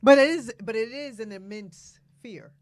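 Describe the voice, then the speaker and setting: A woman's voice: on the high side, normal speed, no echo. A woman co-hosting a casual talk show, speaking frankly, often laughing and acting out quotes. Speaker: co-host.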